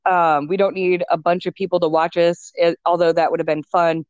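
A young woman talking in a casual chat as a guest, chatty and quick to laugh, on a dull lo-fi recording. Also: on the low side, level tone, a little mellow, no echo. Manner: chatty, laughs often, many fillers. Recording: dull lo-fi sound.

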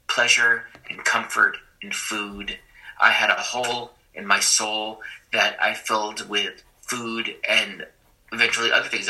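Self-deprecating man with a bright voice. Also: fairly low pitch, rough recording. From Puerto Rican and Haitian family. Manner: conversational and self-deprecating, many fillers. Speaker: school teacher. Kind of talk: personal storytelling, testimony.

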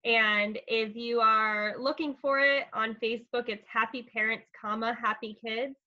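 A woman's voice: fairly high pitch, steady tone, a little slow, pushed and bright. A woman school counselor as a podcast guest, earnest and explaining things step by step with fillers. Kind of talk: casual podcast interview. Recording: slightly dull, lo-fi sound.

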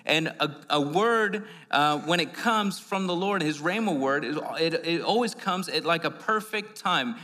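A man preaches a conversational sermon in a church sanctuary, often repeating words and leaning on fillers. His fairly high voice sounds pushed and bright, a little slow but with hardly any pauses, under long hall reverb.

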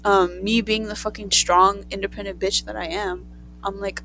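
A young woman from Southern California telling a crude, profane, animated story in casual chat among friends. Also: mid-range voice, moderate pace, soft background music, rough recording.

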